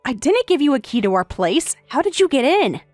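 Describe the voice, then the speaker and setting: A woman's voice: high voice, big pitch swings, a little fast, a little mellow, no room sound, soft background music. A synthetic woman's voice reading a tired young wife who answers back firmly and pointedly. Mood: defiant. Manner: firm, pointed replies. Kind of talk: text-to-speech story reading.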